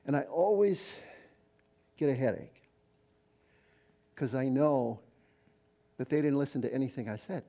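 A man's voice: mid-range voice, animated, unhurried, vocal fry, long pauses, mellow. An older retired man preaching a sermon in a conversational, storytelling way. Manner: conversational storytelling preacher, quoting others in voices. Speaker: pastor.

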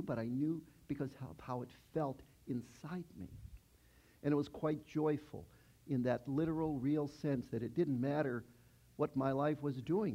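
A man's voice: mid-range voice, creaky, warm tone, breathy edge, lo-fi sound. A man in his sixties preaching a conversational sermon, chatty, asking the congregation questions. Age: 60s.

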